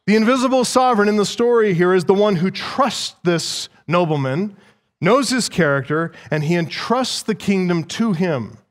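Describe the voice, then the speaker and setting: A man's voice: high voice, lively intonation, moderate pace, big-room sound. A man preaching an expository sermon, teaching through a passage verse by verse and putting questions to his listeners. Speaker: pastor.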